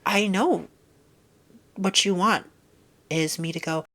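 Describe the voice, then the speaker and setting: A woman's voice: mid-range voice, slow, pauses often, a bit bright. A young woman vlogger ranting bluntly and sarcastically about things she dislikes, dropping into whispered asides. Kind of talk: casual opinion rant.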